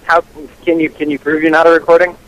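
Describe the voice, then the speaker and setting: A man's voice: little pitch movement, fast talker, fairly bright tone. A young man on a phone call, confused and rambling as strangers talk over him. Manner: confused and rambling, jumps in pitch. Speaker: prank call recipient.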